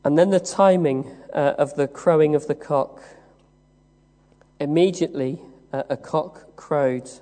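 A man from the West Country of England preaching a sermon, telling the story slowly with many "uh" pauses. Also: on the high side, dark tone. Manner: measured storytelling with frequent "uh" pauses. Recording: long reverb of a large hall.

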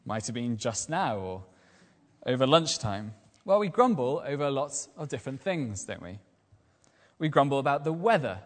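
A man giving a lively evening sermon as a lay preacher, using rhetorical questions and repetition. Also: medium pitch, moderate pace, long reverb tail. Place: church.

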